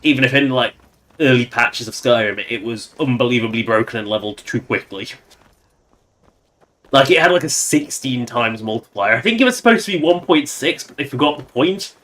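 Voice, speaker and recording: A man's voice: medium pitch, animated, a little fast, a bit bright. A man giving casual, sarcastic, rambling commentary while he plays a game on stream.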